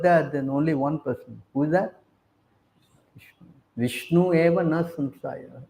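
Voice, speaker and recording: Slow, emphatic male preacher, fairly high voice, echoey room. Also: a little mellow. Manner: questions the audience again and again. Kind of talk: sermon.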